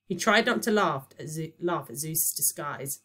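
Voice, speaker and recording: A woman, a primary teacher, reading a children's novel aloud with expressive storytelling. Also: low voice, moderate pace.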